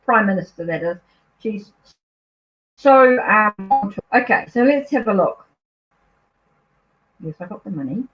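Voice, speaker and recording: A woman's voice: mid-range voice, lively intonation, moderate pace, long pauses, dull audio, soft background music. A woman with a New Zealand accent, a tarot reader chatting casually at home on a live stream, easily distracted, apologetic and thinking aloud.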